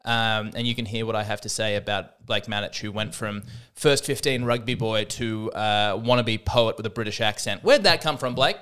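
A man's voice: fairly low pitch, flat delivery, moderate pace, fairly bright tone, smooth. A man hosting a podcast, delivering a rambling, self-deprecating comedic monologue with frequent restarts. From Australia. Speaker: podcast host.

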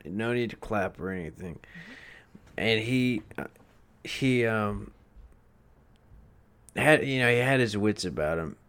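A man's voice: on the low side, animated, slow pace, long pauses, fairly bright tone, clean tone. A man co-hosting a podcast, sarcastic and teasing in casual banter. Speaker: podcast co-host.

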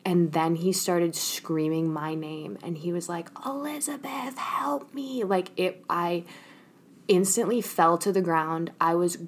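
A woman's voice: fairly low pitch, level tone, measured pace. A young woman hosting a podcast, telling a personal story in a candid, emotional way, with slang and frequent laughter. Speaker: podcast host. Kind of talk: casual storytelling chat.

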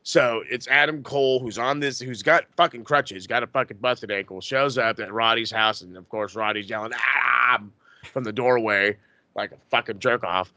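A man's voice: mid-range voice, moderate pace, pushed and bright, no echo. A man with an ordinary middle-range voice rants on a podcast, cursing freely and building up steam as he goes. The sound is dry and close, with no room around it. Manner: profane, fired-up ranting. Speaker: podcast host. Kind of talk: casual wrestling podcast rant.

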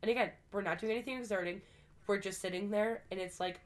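Speaking fast at a medium pitch, this female podcast co-host sounds ill and breathless. Her casual storytelling is profane and punctuated with plenty of laughs.

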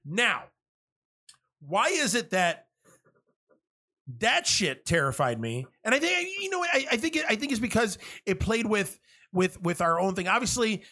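A man's voice: high-pitched, sing-song, measured pace, pauses often, sharp tone. A man talking in a casual, rambling monologue, swearing often and restarting his sentences a lot. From half Cuban. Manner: rambling, profane, lots of restarts.

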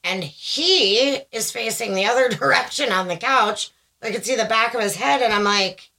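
A bright-voiced woman from the US South co-hosting a chatty mom podcast. She tells stories with animated energy, acting out her own quotes and dropping swear words freely. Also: fairly high pitch, normal speed, low-quality recording. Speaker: podcast co-host. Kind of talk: casual chat.

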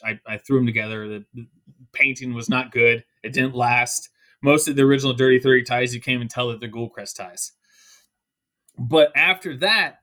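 A man telling a lively bar anecdote as a podcast guest, acting out the quotes of the people in it. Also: mid-range voice. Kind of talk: animated storytelling.

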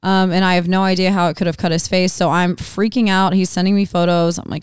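Woman, fairly low, smooth voice, dry close mic, rambling casual storyteller. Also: flat delivery, fast, no room sound. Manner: chatty storyteller, many "like"s. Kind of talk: casual podcast chat.

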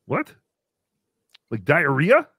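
A man's voice: a little high, huge pitch swings, extremely slow, a bit bright, breathy edge, no echo, clean studio sound, full character voice. A man voicing a small, crude, giggly green puppet creature who hosts a comedy stream, reads out donations and talks about himself in the third person. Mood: cheeky. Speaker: puppet host reading donations. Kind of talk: comedy livestream puppet act.

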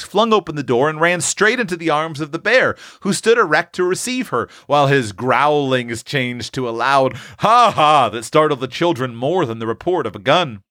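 A man reading a classic short story aloud, giving the characters' excited lines a raised, animated voice. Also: medium pitch, dry recording, studio quality. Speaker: audiobook narrator.

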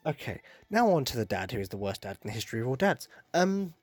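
A young man hosting a podcast, rambling in a casual monologue, excitable and sweary with self-mocking jokes. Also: medium pitch, fast, husky, no echo. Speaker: podcast host.

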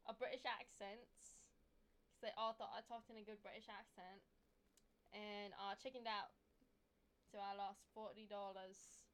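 A woman's voice: mid-range voice, level tone, measured pace, a bit bright. A young woman guesting on a podcast, teasing her partner in a playful, laughing chat. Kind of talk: casual chat.

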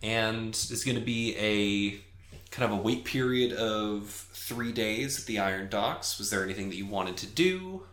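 A man narrating as game master, rambling with many fillers and jumping into high voices for characters. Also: unhurried, a bit bright. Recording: echoey room.

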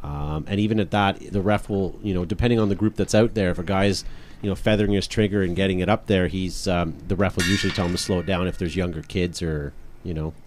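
A man co-hosting a casual panel show, chatty and relaxed, with lots of fillers. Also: sits low, fast, background noise. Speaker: podcast co-host.

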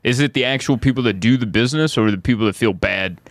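A man's voice: mid-range voice, fast talker, no room sound, clean studio sound. A man, a comedian hosting a podcast, riffing and joking in casual chat and laughing often.

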